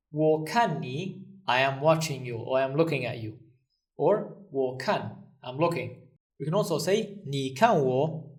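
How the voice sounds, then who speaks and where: A man teaching a recorded language lesson, patiently repeating each phrase slowly and then translating it. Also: mid-range voice, a little mellow, distant mic.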